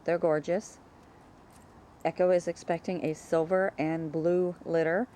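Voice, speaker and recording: A woman talking casually about her dogs in her yard, chatting away and calling to them in a high sing-song. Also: level tone, a little slow, mellow. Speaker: dog breeder. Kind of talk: casual home video narration.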